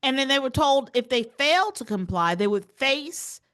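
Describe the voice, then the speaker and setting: A woman co-hosting a comedic news chat, animated and laughing often as she retells stories. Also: high-pitched, moderate pace. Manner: animated, laughs often, tries silly accents. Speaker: co-host.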